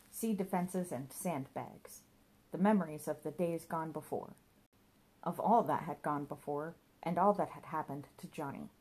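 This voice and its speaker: A woman's voice: deep voice, a little mellow, slightly rough. A woman narrating a comic novel in a wry storytelling manner. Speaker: audiobook narrator.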